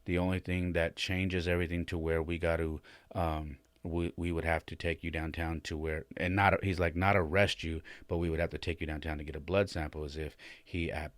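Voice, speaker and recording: Low deep guy rambling through a story on his podcast, lots of restarts, says man a lot, dry close sound. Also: flat delivery, fairly quick, hardly any pauses, dry recording. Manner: rambling, many restarts and "man", rising and louder when emotional. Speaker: podcast host. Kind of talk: casual storytelling monologue.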